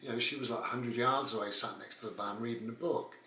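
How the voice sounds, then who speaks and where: A man's voice: mid-range voice, fast talker, pushed and bright, a little hiss or hum. Rambling man telling stories. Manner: rambling, with frequent "and all the rest of it". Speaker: vlogger. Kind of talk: casual anecdotal storytelling. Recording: roomy, distant mic.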